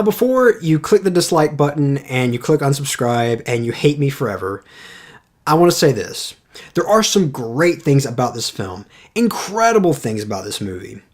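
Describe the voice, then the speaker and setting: A man giving a casual spoken film review, blunt and opinionated. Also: medium pitch.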